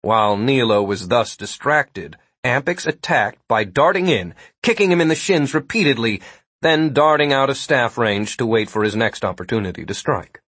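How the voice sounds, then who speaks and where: Husky-voiced male audiobook narrator. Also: mid-range voice, animated, normal speed, fairly bright tone, dry recording.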